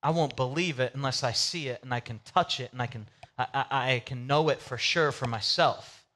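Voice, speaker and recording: Man putting on a doubting disciple, grown man, stubborn, low, subdued, insistent. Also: normal speed, pushed and bright, lightly acted.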